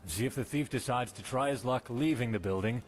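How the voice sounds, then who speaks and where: An actor voicing a cautious, measured male guard captain in a video game. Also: medium pitch, faint music behind, lightly acted.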